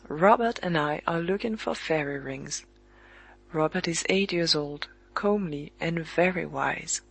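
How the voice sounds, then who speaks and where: An audiobook narrator reading a literary story in a measured, evenly paced way with pauses at the commas. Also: medium pitch, gravelly, fairly bright tone, poor audio.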